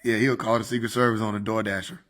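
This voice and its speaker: A man's voice: fairly low pitch, flat delivery, fast talker, a bit bright. A man chatting casually on a livestream, laid-back and slangy, laughing often. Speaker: livestream host.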